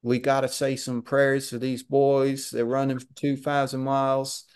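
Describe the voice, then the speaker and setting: A man's voice: mid-range voice, completely flat delivery, measured pace, darkish tone, smooth, voice pushed up, natural voice. A man voicing friendly rural Tennessee men in a put-on Southern US accent, drawling and folksy. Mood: earnest.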